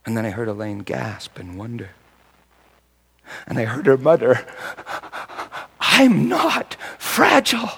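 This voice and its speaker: A male pastor preaching a sermon and telling a personal story, dropping to a hush and then rising to loud, emphatic delivery. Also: on the low side, normal speed, gravelly, long pauses, breathy edge, poor audio. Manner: swings from hushed to loud emphatic.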